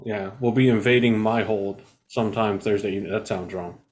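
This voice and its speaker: A man's voice: lowish voice, steady tone, brisk, darkish tone. A man hosting and editing a podcast, talking in a laid-back, rambling way with crude jokes. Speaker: podcast host and editor. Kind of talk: casual chat.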